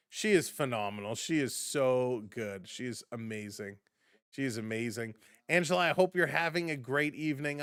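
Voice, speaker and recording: A man's voice: medium pitch, clear, resonant tone, no room sound. A man hosting a live sports stream, chatting casually with viewers, reading chat aloud and laughing often.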